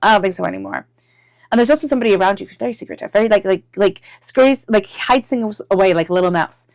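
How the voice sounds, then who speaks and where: A woman giving an intuitive tarot reading in a chatty, animated way, full of "like" fillers, sometimes acting out inner voices. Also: mid-range voice, fast talker, no room sound, clean studio sound. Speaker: tarot reader.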